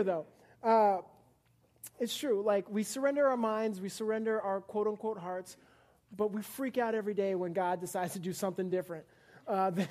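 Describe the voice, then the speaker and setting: A woman's voice: medium pitch, dark tone. A young woman giving a casual, playful sermon to a live congregation, chatting with them, laughing often and acting out little scenes. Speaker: preacher. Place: church service before a live congregation.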